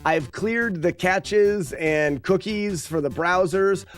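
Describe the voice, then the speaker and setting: A man's voice: sits high, slow pace, faint music behind. A man streaming gameplay and chatting casually, rambling and correcting himself as he talks. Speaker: streamer and father.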